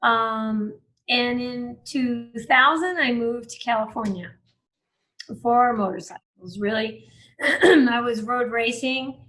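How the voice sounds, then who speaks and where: Woman from maine, faint maine accent, bright voice, a bit high, chatty and laughing a lot. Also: slow pace, poor audio. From Maine, USA. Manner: chatty storyteller, laughs often. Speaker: interview guest. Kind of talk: casual conversation.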